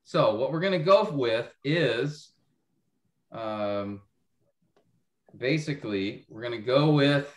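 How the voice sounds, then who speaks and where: A man leads an online Bible class, walking through each point and pausing to ask whether everyone follows. His voice sits at an ordinary pitch and carries a roomy echo. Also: expressive. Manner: explanatory, checks understanding often. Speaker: Bible teacher.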